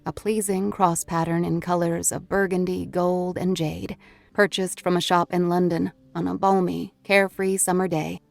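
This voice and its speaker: A woman's voice: on the low side, vocal fry, darkish tone, no echo. A woman reading a horror novel aloud as an audiobook narrator, in a scripted storytelling manner.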